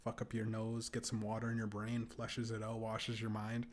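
A man's voice: on the low side, completely flat delivery, moderate pace. A young man hosting a podcast, telling crude, rambling stories and laughing often. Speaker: podcast host. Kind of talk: casual podcast rant.

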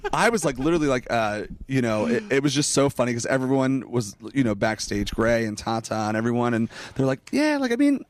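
A man's voice: mid-range voice, brisk, hardly any pauses, dry recording. A man, a drag performer guest, chatting casually and telling stories with laughs and restarts. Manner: animated storytelling with laughs and restarts. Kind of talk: casual chat.

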